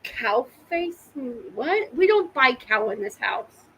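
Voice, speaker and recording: A woman's voice: high-pitched, big pitch swings, slow pace, pushed and bright, slight background noise, rough recording. A woman from Oklahoma co-hosting a casual live podcast, teasing and laughing often. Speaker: podcast co-host.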